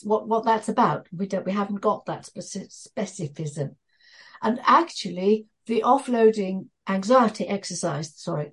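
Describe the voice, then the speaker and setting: A woman's voice: medium pitch, slightly rough. A woman trainer leading a therapy training session, talking with hesitations and restarts as she explains. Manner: hesitant, restarts, thinking aloud.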